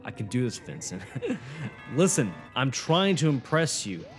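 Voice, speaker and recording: A man's voice: mid-range voice, big pitch swings, unhurried, faint music behind. A young man commentating his own gameplay, swearing, boasting and getting frustrated as he talks to a friend. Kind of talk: swearing let's-play commentary.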